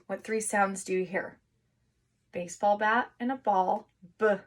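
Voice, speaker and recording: A woman teaching young children to write, encouraging them and sounding out words slowly syllable by syllable. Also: mid-range voice, steady tone. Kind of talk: remote phonics and writing lesson for young children.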